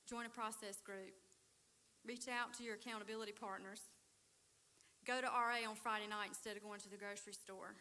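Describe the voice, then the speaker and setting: A woman giving a conversational sermon at a church recovery ministry, telling Bible stories with animated, acted-out dialogue. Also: mid-range voice. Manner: animated storytelling, acts out biblical characters.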